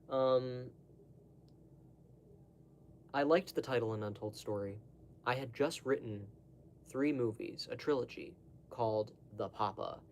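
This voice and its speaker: A man's voice: medium pitch, gravelly, a little mellow, a little hiss or hum. A young man talking casually to the camera, rambling through digressions with lots of fillers and asides. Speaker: vlogger.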